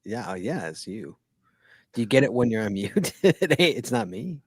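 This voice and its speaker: A man's voice: medium pitch, very animated, normal speed, slightly rough, no room sound. Middle-aged man hosting a chatty podcast. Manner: chatty, self-deprecating, drops into mutters. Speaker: podcast host. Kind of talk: casual chat.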